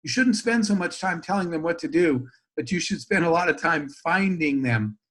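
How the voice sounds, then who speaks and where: Animated high-voiced American businessman. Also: moderate pace. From United States. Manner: animated storyteller acting out dialogue. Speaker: interview guest, entrepreneur. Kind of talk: storytelling in a casual interview.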